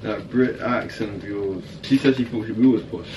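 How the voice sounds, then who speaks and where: Young guy, laid-back and teasing, lowish voice, far from the mic, noisy room. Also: fairly even intonation, moderate pace, dull audio. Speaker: boyfriend. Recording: distant mic with background noise.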